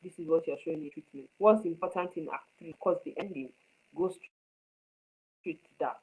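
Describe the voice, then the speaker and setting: Woman, screenwriting teacher, emphatic, repeats herself, checks understanding, lowish voice. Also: brisk, a little mellow, slightly rough, low-quality recording. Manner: emphatic, repeats points, asks students if they understand. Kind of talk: live online class.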